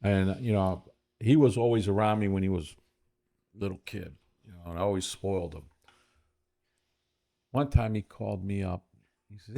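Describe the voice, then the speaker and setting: A man's voice: low voice, normal speed, vocal fry, pauses often, mellow. A middle-aged man co-hosting a podcast, telling stories in casual chat and acting out quoted dialogue. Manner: storytelling, acts out quoted dialogue. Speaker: podcast co-host.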